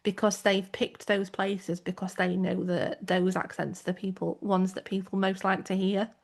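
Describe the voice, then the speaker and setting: Gravelly South Yorkshire woman chatting. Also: medium pitch, flat delivery, moderate pace. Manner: chatty, wandering into tangents. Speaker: podcast co-host. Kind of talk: casual chat.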